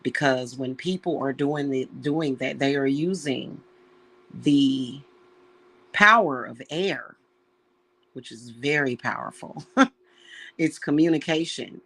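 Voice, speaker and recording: A woman who calls herself a witch, talking warmly and emotionally to her viewers about spiritual protection, on the edge of tears. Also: extremely low pitch, slow pace, long pauses. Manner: heartfelt, emotional, addresses viewers as y'all. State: close to tears. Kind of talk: casual spiritual talk to viewers.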